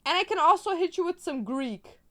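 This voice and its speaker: A woman's voice: extremely high pitch, lively intonation, fairly quick, fairly bright tone. A young woman whose first language is German, chatting casually and playfully while crafting on a stream.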